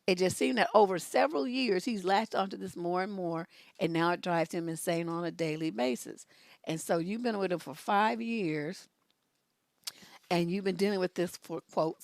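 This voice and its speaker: A middle-aged woman hosts a live advice stream, blunt and sassy, hammering her points home with repetition. Her voice sits at an ordinary pitch for a woman, and the recording is dry and close, with no room sound. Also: moderate pace, no room sound. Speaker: relationship advice host. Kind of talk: live-stream advice talk, reading viewer questions.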